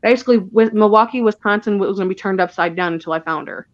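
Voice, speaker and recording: A woman being interviewed about her missing daughter, speaking haltingly and often restarting her words. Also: medium pitch, no room sound, dull audio. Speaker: guest, mother of a missing child. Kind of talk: emotional interview recounting events.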